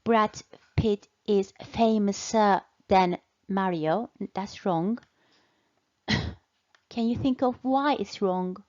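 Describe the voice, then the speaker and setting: A woman gives an English lesson at a very slow, careful pace, pausing often and repeating words for her learners. Her voice sits at a middle pitch, and the recording sounds a little dull and lo-fi. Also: darkish tone. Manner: patient, repeats and stretches key words. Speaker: English teacher. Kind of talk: slow, deliberate language lesson.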